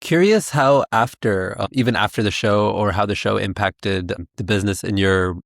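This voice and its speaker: Male host, lowish voice, rephrases his questions, dry close sound. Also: moderate pace, gravelly, dry recording. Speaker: podcast host. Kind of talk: interview questions.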